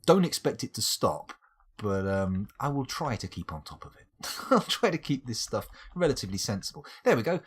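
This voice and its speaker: A man's voice: medium pitch, very animated, normal speed, a little hiss or hum. A man giving casual live-stream gameplay commentary, rambling off into playful tangents and wordplay. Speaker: game streamer.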